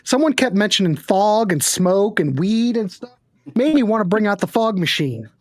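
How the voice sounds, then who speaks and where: A man's voice: sits high, animated, normal speed, no echo. A man hosts a live-stream music panel in a playful, effusive manner, reading viewer comments aloud. His voice sits in the middle range, and the sound is very dry, with no room around it. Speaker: show host.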